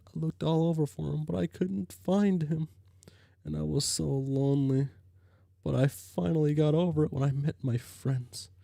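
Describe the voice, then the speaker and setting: A man's voice: a little high, gravelly, warm tone, no room sound. A man doing a sobbing dog-girl spirit. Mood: mournful. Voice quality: sobbing, whimpering. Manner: tearful, self-pitying. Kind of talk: reading a webcomic aloud in voices.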